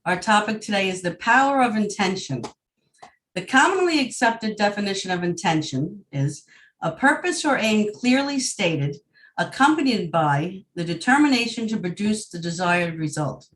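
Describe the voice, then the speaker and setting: A woman's voice: mid-range voice, animated, moderate pace, a bit bright, far from the mic, poor audio. A woman from Long Island with a New York accent, hosting an online group event in a friendly, welcoming, chatty way. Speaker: host. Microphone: video call.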